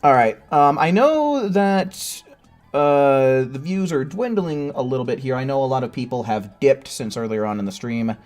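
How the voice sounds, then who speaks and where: A man's voice: mid-range voice, normal speed, hardly any pauses, a little mellow, soft background music. A man casually chatting with his viewers while streaming a video game, swearing freely and rambling as he waits. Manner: chatty, swears casually, sings silly improvised tunes while waiting. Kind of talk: casual live-stream gaming chat.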